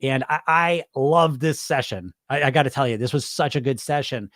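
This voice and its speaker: Here a man's mid-range, slightly bright voice comes through a dry, clean studio recording at a moderate pace. Hosting a live stream as a hypnotherapist, he keeps things chatty and loose with viewers, cursing and laughing frequently.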